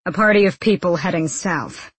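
A woman's voice: fairly low pitch, normal speed, breathy edge, dry recording. A woman voicing a wisecracking young male sharpshooter in a storybook reading. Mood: wry.

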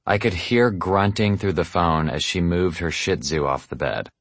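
A man narrates his own memoir in an earnest, self-deprecating way. His voice is very low. The recording is close and dry. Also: moderate pace, no echo.

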